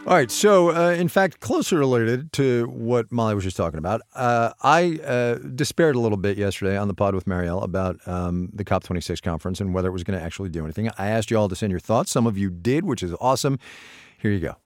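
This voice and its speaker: A man's voice: fairly low pitch, quick pace, no echo, clean studio sound. A man co-hosting a podcast in casual chat, wry and self-deprecating. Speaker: podcast co-host.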